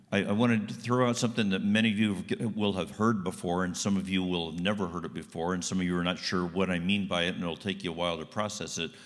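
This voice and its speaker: A man's voice: sits low, a bit bright, in a large hall. A man giving a guest sermon in a church, folksy and conversational. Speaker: guest speaker. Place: church sanctuary.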